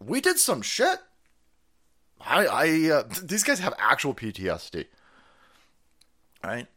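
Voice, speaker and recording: A profane, sarcastic middle-aged man ranting on his livestream. His voice sits fairly high and swings widely in pitch as he mocks and jeers, swearing freely. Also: fairly bright tone. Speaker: livestream host. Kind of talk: ranting commentary stream.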